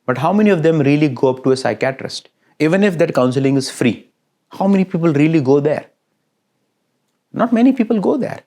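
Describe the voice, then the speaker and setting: A man's voice: fairly high pitch, fairly quick. Lecturing man, checks in with listeners. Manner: lively, asks listeners frequent checking questions; repeats phrases in lists. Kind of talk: recorded classroom lecture.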